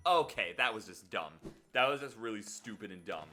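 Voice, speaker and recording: A man's voice: medium pitch, animated, normal speed, pushed and bright. A man streaming a video game live, talking earnestly and directly to his viewers in casual chat. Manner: earnest, talks straight to viewers.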